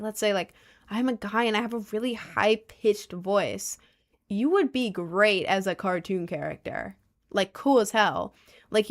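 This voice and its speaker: A young woman talks to her stream chat in a loose, rambling way, circling back on her words and stacking fillers. Her speech is slangy and emphatic, and she now and then stumbles over a word before pressing on. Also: mid-range voice. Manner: rambling, heavy on fillers and repeats; fumbles and stutters over words. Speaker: livestreamer reading chat.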